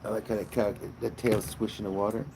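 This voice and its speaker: A man's voice: lowish voice, level tone, fairly quick, warm tone, slight background noise, low-quality recording. A man hosting a casual livestream outdoors by a cow pasture, rambling crudely and swearing a lot. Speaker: livestream host.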